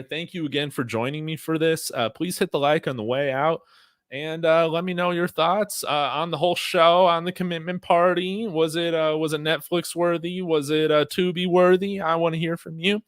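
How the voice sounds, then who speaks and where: A man's voice: fairly high pitch, fairly even intonation, moderate pace, fairly bright tone, no echo, clean studio sound. A man hosting a livestream watch-along of a sports commitment, chatting casually to his viewers with many fillers and restarts. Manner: addresses viewers directly. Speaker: sports fan show host.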